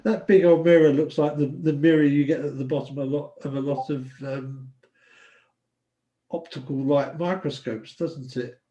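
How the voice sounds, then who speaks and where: A man's voice: fairly high pitch, steady tone, normal speed, warm tone, roomy sound, highs cut off. A man casually explaining diagrams to friends and tripping over French terms. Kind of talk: casual group chat over a shared screen.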